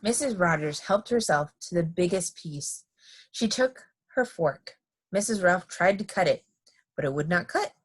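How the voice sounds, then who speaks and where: A woman reading a children's picture book aloud in an expressive, lively manner. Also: on the low side, a little slow, breathy edge. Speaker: storybook reader.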